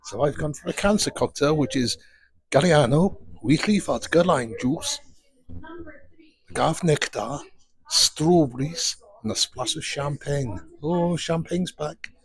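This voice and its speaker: A man's voice: on the high side, animated, a little slow. A man from Wales chatting to camera in a cruise ship bar, telling self-mocking stories on a small handheld microphone. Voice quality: gravelly, husky. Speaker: vlogger reviewing pubs. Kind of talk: casual vlog chat to camera.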